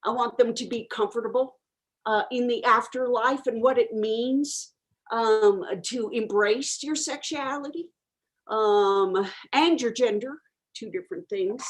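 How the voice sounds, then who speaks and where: A woman's voice: fairly high pitch, unhurried, close to an everyday voice. A woman playing an eccentric self-declared medium who answers questions in a rambling, frank way, full of ums and uhs. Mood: earnest. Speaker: guest answering audience questions. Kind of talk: improvised character comedy.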